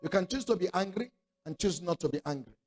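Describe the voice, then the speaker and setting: A man's voice: high-pitched, animated, fast, a little mellow. A man preaching a sermon, emphatic, repeating his points and calling for response from the congregation.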